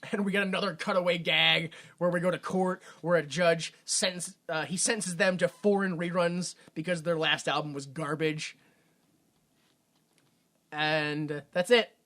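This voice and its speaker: Podcast co-host, male, high voice, sarcastic comic recap delivery. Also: fairly even intonation, unhurried, a bit bright. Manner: joking, sarcastic, laughs at own bits. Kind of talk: comedic movie recap chat.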